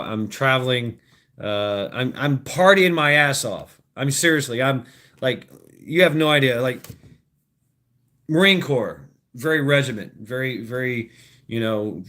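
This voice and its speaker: A man's voice: mid-range voice, pushed and bright. A man, maybe in his thirties, hosting a casual livestream, talking to his chat in a rambling, profane way and laughing at his own jokes. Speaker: livestream host.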